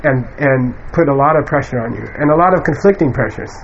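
A man's voice: medium pitch, fast. A man giving an informal Buddhist teaching to a class, talking in a loose conversational way with many fillers and asides, recorded in a lecture room. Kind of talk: informal dharma lecture to students. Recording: muffled lo-fi room recording with faint hiss.

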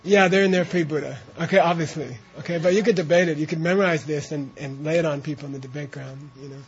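A man leading a translation class, talking slowly and relaxed while he coaches pronunciation. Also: fairly high pitch. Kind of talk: informal class talk with chanted reading. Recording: dull lo-fi classroom recording.

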